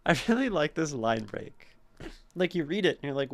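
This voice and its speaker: A man streaming, reading a poem aloud and then explaining its meter, sounding out syllables slowly and carefully. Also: fairly high pitch, big pitch swings. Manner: slow, deliberate reading with gravelly tone. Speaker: streamer critiquing poetry. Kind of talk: reading and teaching poetry.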